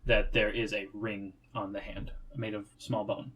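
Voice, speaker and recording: A man's voice: on the low side, little pitch movement, measured pace, a bit bright, slightly rough, low-quality recording. A man narrating a tabletop game as game master, describing the scenes in a casual way.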